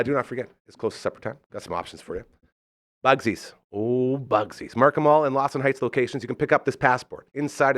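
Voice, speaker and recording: A man hosting a live podcast, effusive and enthusiastic, swinging between loud excitement and soft sincerity while reading sponsor spots. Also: medium pitch, dry recording, clean studio sound. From Canada. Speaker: host. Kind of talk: live podcast talk with ad reads.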